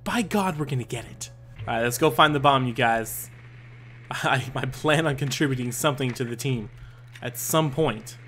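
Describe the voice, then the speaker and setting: A young man doing let's-play commentary, excitable and swearing, yelping and laughing at himself as he plays. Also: mid-range voice, normal speed, a little hiss or hum. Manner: excitable, swearing, yelps and self-mocking laughs. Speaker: gaming YouTuber.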